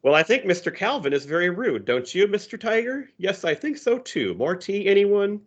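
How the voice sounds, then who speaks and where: A man putting on a prim little girl's voice, high and sing-song. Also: sing-song, moderate pace, muffled recording. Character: prim little girl hosting a tea party.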